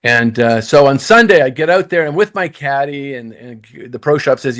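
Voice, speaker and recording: A middle-aged man, a former pro golfer, telling a tour story to his host, swinging between hushed and emphatic delivery. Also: mid-range voice, moderate pace. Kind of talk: casual storytelling in conversation.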